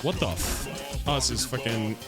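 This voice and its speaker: A man's voice: medium pitch, moderate pace. A man streaming a game who tells a long story in a rambling, profane way, often restarting his sentences. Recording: clear background music under voice. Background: music playing.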